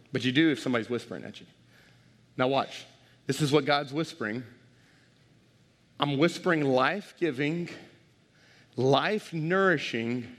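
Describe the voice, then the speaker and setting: A male pastor preaches a sermon to his congregation, animated and direct, calling out to the crowd. His voice is medium in pitch, and the sound carries the feel of a big room.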